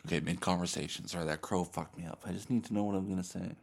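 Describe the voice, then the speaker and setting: A man's voice: sits low, fairly even intonation, quick pace, gravelly. A man hosting a solo podcast, talking in a profane, self-mocking way and restarting his takes. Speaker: podcast host.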